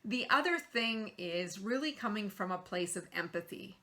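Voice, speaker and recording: A woman's voice: mid-range voice, expressive, normal speed, pushed and bright. A middle-aged woman hosting a show, giving earnest coaching tips in a motivational talk with rhetorical questions. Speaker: host.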